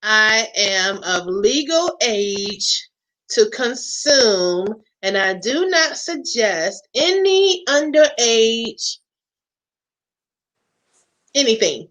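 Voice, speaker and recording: Playful laughing woman host, slow-talking. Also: a little high, sing-song, fairly bright tone. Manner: playful, laughs often, breaks into bits of song. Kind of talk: casual holiday chat.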